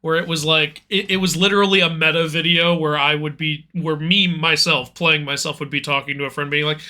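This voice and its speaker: This young man hosts a casual chat while gaming. His voice is high and very bright, and he talks in an animated way with frequent laughs and stumbling restarts. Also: brisk, few pauses. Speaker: host.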